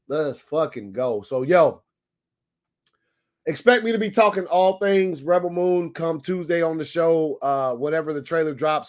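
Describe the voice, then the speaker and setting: Excitable slangy man hosting a live stream. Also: on the high side. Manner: excitable, slangy, addresses chat directly. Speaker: host of a daily live stream show. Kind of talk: casual live stream chat.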